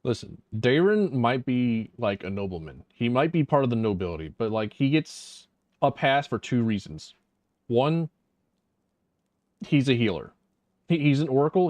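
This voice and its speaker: A man's voice: medium pitch, expressive, normal speed, a little mellow, no room sound. A man streaming a video game, talking casually in a rambling, profane, self-mocking way. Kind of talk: casual gameplay commentary.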